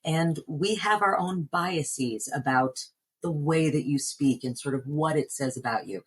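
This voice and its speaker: A woman's voice: deep voice, measured pace, slightly rough, poor audio. An American woman from New Jersey, a voice coach, answering interview questions in an earnest, reflective way. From New Jersey, United States. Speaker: voice coach and actor.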